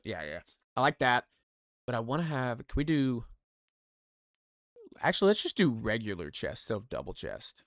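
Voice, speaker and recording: A man's voice: medium pitch, big pitch swings, moderate pace, long pauses, no room sound, clean studio sound. A man casually thinking aloud while playing a building game live, poking fun at himself and chatting to his viewers. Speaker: streamer. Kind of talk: casual live gameplay commentary. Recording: music playing behind the voice.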